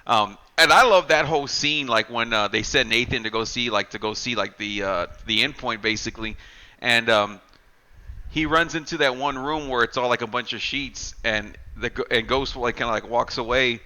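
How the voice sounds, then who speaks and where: A man co-hosting a casual movie podcast, his voice very bright and forward. He talks excitedly with constant fillers, laughing and acting out bits of dialogue with loose swearing. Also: medium pitch, moderate pace. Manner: heavy filler words like "like" and "you know". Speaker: podcast co-host. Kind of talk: casual chat.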